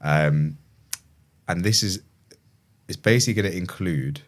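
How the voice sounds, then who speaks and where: A man with a Slough English accent, hosting a casual podcast chat and arguing his points in quick, emphatic bursts. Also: low voice. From Slough, England.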